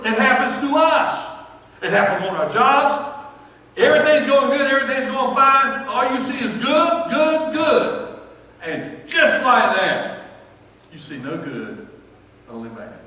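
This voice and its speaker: A man preaching a sermon as pastor, animated and swinging between loud bursts and hushed asides. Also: very high-pitched. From North Carolina, US. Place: church sanctuary. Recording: echoey church hall, from far off.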